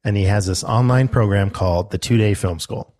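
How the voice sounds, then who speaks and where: Young man, low voice, casual storytelling, relaxed chat. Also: a little fast. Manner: storytelling, quoting a loud instructor in his telling.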